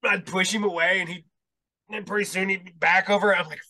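A man's voice: high-pitched, fairly even intonation, fairly quick, bright, forceful tone. A man hosting a casual podcast chat, telling stories bluntly with lots of swearing and some laughter.

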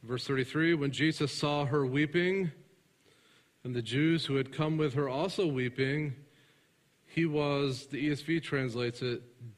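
A man preaching a sermon, alternating between loud emphatic passages and hushed, soft ones, and putting questions to his congregation that he answers himself. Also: mid-range voice. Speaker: pastor. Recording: reverberant large room.

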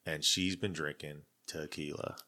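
A man's voice: rumbling low, steady tone, a little slow, sharp tone. A man in his forties, co-hosting a podcast, telling a story in casual chat, acting out the voices in what people said and swearing freely. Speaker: podcast co-host.

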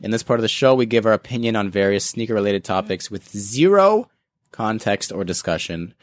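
A man's voice: on the low side, fairly quick, no echo, studio quality. Laid-back male podcast host. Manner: relaxed, joking, reads out listener messages. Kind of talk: casual group chat.

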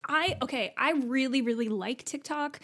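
Young woman host, kinda high voice, giggly, agrees a lot. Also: fairly bright tone. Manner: friendly, giggly, quick to agree. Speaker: podcast host. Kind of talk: casual chat.

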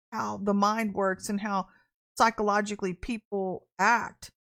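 A middle-aged woman with a medium-pitched, fairly bright voice hosts a livestreamed prophetic podcast. She speaks bluntly and animatedly, laughs at herself, and repeats phrases for emphasis.

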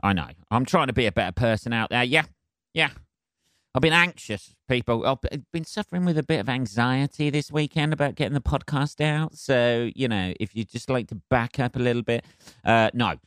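A man's voice: mid-range voice, fairly quick, fairly bright tone, no echo, clean studio sound. A man, a stand-up comedian, hosting his own podcast in rambling, self-deprecating chat full of swearing and apologies. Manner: rambling with many fillers and jumpy emphasis. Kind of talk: casual solo podcast chat.

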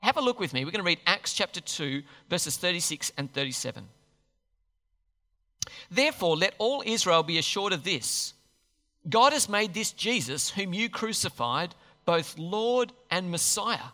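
A man preaching in a church hall, his voice bright and fairly high. He talks in a lively, expressive way and keeps asking the congregation questions. The room gives the sound a long, hanging reverb. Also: moderate pace. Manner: animated, asks the listeners questions. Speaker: pastor. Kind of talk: sermon.

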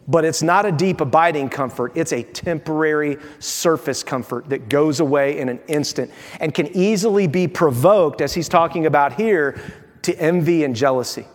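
A man preaching a sermon as pastor, telling the story with lively mock voices. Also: a little high. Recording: long reverb of a large hall.

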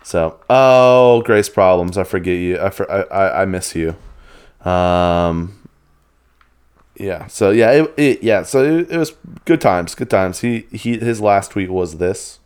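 A man's voice: low voice, animated, slow pace, a little mellow, smooth. A young man co-hosting a podcast, laid-back and rambling in casual chat, laughing often. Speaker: podcast co-host.

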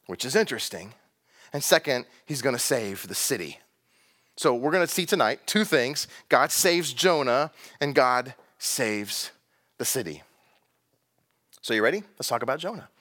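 A man's voice: a little high, a bit bright. A man from Texas, preaching a sermon to a congregation in a conversational style, drawing out key words and asking rhetorical questions. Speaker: pastor.

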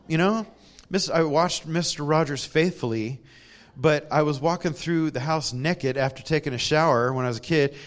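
A man's voice: a little high, moderate pace. A man giving a conversational sermon in a church, telling stories with self-deprecating humor and laughs. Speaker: preacher.

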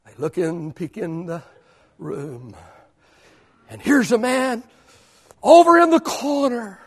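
A man in his fifties preaching a sermon to a church, swinging between loud declarations and hushed whispers. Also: sits high, animated, slow pace, pauses often, breathy edge. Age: 50s. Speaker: pastor.

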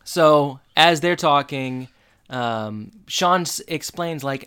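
A man's voice: a little high, takes it slowly, bright, forceful tone, smooth. Man recapping an episode with playful asides. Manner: playful, acts out characters' lines. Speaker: podcast co-host. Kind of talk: casual chat recapping a TV episode.

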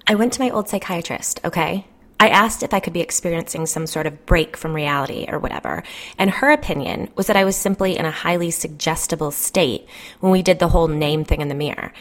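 Jen is a frazzled, gossipy suburban mom, put on by a female storyteller, her voice pitched up a little and pushed louder than the narration. She complains in an agitated rush, swears freely and leans on "like" for an audiobook-style story. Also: fairly quick. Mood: stressed. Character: stressed, gossipy suburban mother, adult woman.

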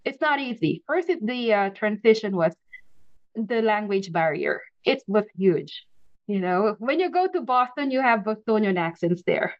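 Woman, podcast guest, animated, laughs a lot, mid pitch, slightly dull lo-fi sound. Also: normal speed, no room sound. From Philippines. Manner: animated, laughs often, frequent restarts. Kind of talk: casual interview storytelling.

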